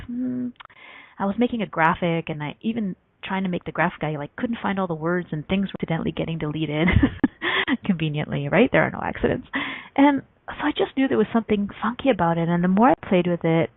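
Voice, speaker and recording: A woman with a low, gravelly voice hosts a motivational radio talk, spinning animated stories and acting out the voices of the people in them. She laughs often between her points. The sound is dry and tinny, as if heard over a phone line. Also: fast talker, dry recording. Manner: animated storytelling, acts out quoted voices. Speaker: radio show host. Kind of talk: motivational talk show monologue.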